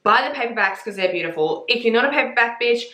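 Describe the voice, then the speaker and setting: Young female book vlogger, effusive and foul-mouthed, bright tone, roomy echo. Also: fairly high pitch, animated, fast talker. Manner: gushing, profane, emphatic. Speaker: book reviewer. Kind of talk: casual vlog. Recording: echoey room.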